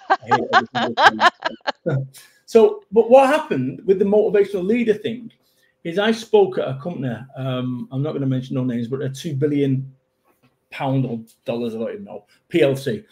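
A man's voice: a little high, animated, brisk, a little mellow. A middle-aged man with a Manchester accent, a motivational speaker telling punchy, self-mocking stories in a casual interview chat. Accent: Mancunian. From England.

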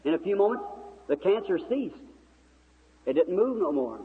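A man's voice: sits high, sing-song, moderate pace. A man preaching a sermon, telling a story in a folksy, vivid way and acting out the dialogue. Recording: tinny old recording in a reverberant hall, faint hiss.

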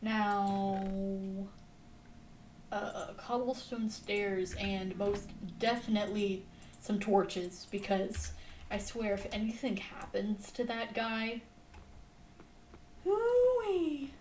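A woman's voice: mid-range voice, steady tone, slow, a little mellow, slight background noise. A woman live-streaming a game in casual chat, exasperated and talking back at the game and her viewers. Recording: echoey room, mic set far off.

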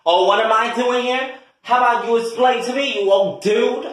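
A man voicing a loud, furious young adult daughter who curses and confronts her father in a comedy skit. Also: very high voice, normal speed, voice pushed up. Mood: angry. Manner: brash, profane, confrontational. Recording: echoey room.

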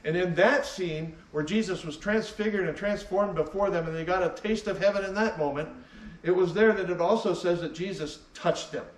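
A man's voice: sits high, moderate pace, echoey room, far from the mic, rough recording. A man preaching a sermon as pastor, emphatic and repeating key phrases for weight. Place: church sanctuary.

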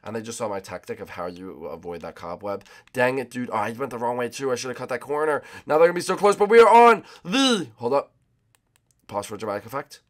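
A man hosting a gaming channel, rambling excitedly to viewers while racing. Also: medium pitch, fast. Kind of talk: casual gameplay commentary.

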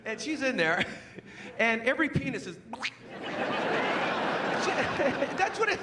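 High, animated stand-up comedian, live. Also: male voice, slow, in a large hall, heavy background noise. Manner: animated, laughing through stories, voice-switching. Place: comedy club stage. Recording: live club recording with loud crowd.

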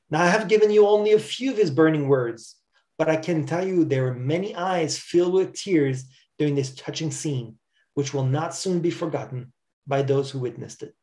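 A male preacher reading a story aloud in a sermon, earnest and measured, with occasional stumbles. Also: a little high, a little mellow.

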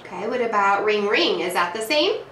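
A woman running drill-style teaching trials as a behavior therapist, coaxing with quick praise. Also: medium pitch, lively intonation, fairly bright tone. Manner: coaxing, quick praise, imitates sounds playfully. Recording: echoey room, distant mic, faint noise.

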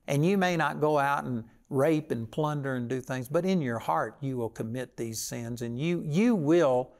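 A man's voice: mid-range voice, normal speed, a little mellow. An older man preaching a sermon with folksy stories and a plain, conversational delivery.

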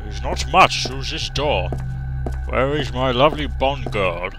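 A man doing an impression of a suave older male spy, talking slowly and drawing out his words. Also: mid-range voice, lively intonation, over music, close to an everyday voice. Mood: mock suave. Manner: slow, drawn-out, mock-suave delivery.

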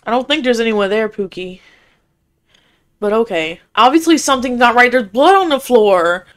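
A woman's voice: a little high, expressive, normal speed. A young woman streaming a horror game, chatting casually and reacting in a jumpy, squeamish way. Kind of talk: live gameplay reaction.

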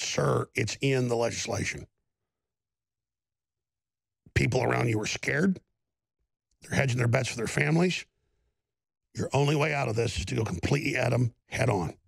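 A man's voice: medium pitch, normal speed, vocal fry, long pauses, husky, no room sound. A man hosting a talk show, delivering an emphatic, rambling monologue.

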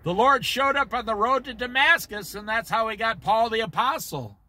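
A man's voice: extremely high pitch, normal speed, bright, forceful tone. A man leading an informal Bible study, preaching emphatically and talking straight to his listeners.

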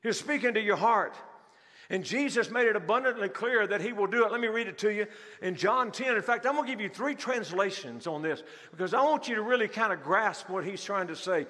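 A man's voice: high voice, fairly quick, sharp tone. A male pastor preaching a sermon to a congregation, asking rhetorical questions and repeating key phrases. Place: large church hall. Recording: long hall reverb.

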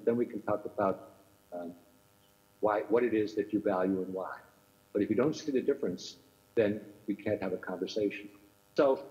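A man's voice: lowish voice, a little mellow. Older man lecturing, muffled lo-fi sound. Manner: thoughtful, repeats rhetorical questions. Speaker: keynote speaker. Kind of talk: academic lecture. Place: remote talk from another time zone. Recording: muffled lo-fi recording.

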